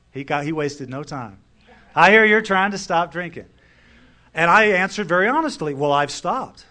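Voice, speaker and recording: A man's voice: medium pitch, fairly bright tone. A middle-aged man telling his personal story to a recovery meeting audience, in a wry, conversational way.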